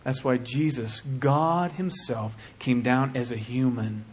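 A man preaching a sermon with passion, dropping to a hush and then rising to shouting. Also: mid-range voice, fairly even intonation, takes it slowly, slight background noise. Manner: impassioned, swings from hushed to shouting.

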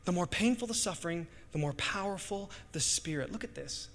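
A middle-aged man preaching a sermon as pastor, impassioned, swinging between hushed stretches and loud bursts. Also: high voice, lively intonation, a little fast, creaky. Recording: long hall reverb.

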